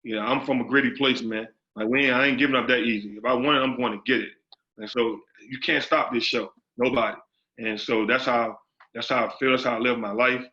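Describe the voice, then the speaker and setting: A man's voice: mid-range voice, fairly even intonation, a little fast, pushed and bright. A man, a basketball coach, answering interview questions emphatically, repeating his phrases and using street slang. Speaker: associate head basketball coach. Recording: dull lo-fi audio.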